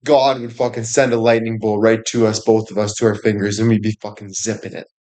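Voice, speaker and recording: A man's voice: fairly low pitch, flat delivery, brisk, a little mellow. Man, crude rambling monologue, heavy swearing, laughs at own jokes, livestream. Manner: profane, rambling, laughs often, fillers like "you know".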